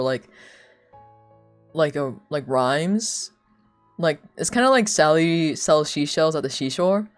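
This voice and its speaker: A young woman streaming live, chatting casually in a rambling, giggly way with lots of filler words. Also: deep voice. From United States.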